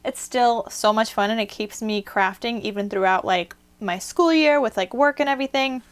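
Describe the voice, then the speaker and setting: A young woman with a smooth, slightly high voice, talking casually and gushing with lots of fillers as she unboxes craft gifts. She sounds a little out of breath, chatting at her desk at home. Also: moderate pace. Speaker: craft vlogger.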